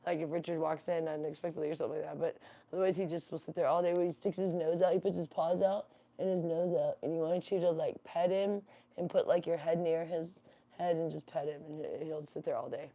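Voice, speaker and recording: A woman's voice: sits low, fairly even intonation, brisk, mellow. A woman chatting casually with viewers on a livestream while fussing over her pet rabbit. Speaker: livestream host.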